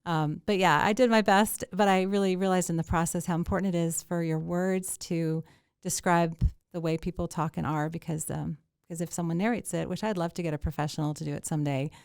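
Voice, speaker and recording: A middle-aged woman with a low voice and a gravelly edge, talking fast with restarts and ums as she chats about her writing. The sound is smooth and dry, with no room around her. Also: steady tone, no echo. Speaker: author guest. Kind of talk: casual interview chat.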